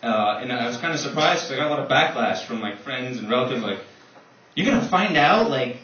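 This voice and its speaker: A young man doing a stand-up comedy set on a club stage, swearing a lot and telling stories in an animated way, with audience laughter behind him. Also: mid-range voice. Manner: profane, animated, fast storytelling. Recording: far-off roomy muffled audio with background noise.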